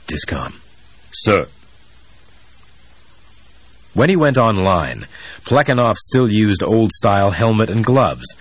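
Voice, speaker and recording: A male audiobook narrator reading a thriller in a steady, even way. His voice is deep and slightly husky. It is recorded close on a studio mic and sounds dry, with no room echo.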